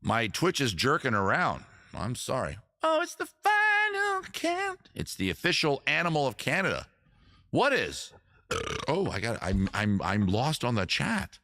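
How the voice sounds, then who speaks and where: Bright-voiced man chatting on a stream. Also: mid-range voice, huge pitch swings, unhurried, no echo, studio quality. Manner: chatty, reads viewer comments aloud and answers them. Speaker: live-stream host. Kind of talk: casual live-stream chat. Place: seated at home on a rolling chair.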